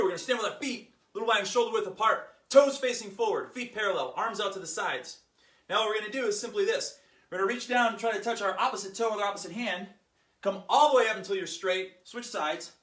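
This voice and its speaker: High-pitched guy hosting a fitness show, rambly and joking, bit out of breath. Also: quick pace, husky. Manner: energetic, jokey, rambling. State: a little out of breath. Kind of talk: exercise demo and casual podcast chat.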